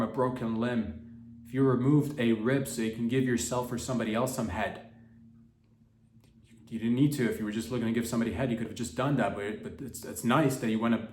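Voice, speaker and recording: A man's voice: medium pitch, slight background noise. A man hosting a podcast, telling a rambling mock-dramatic comic story in slangy speech. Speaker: podcast host. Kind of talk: rambling comedic monologue. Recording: echoey room.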